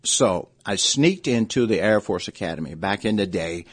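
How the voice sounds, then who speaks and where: A man's voice: fairly low pitch, animated, normal speed, slightly rough, dry recording. A man in his seventies, a former coach, telling long rambling anecdotes in a casual interview. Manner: rambling anecdotes, frequent restarts and "you know". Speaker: former basketball coach, guest.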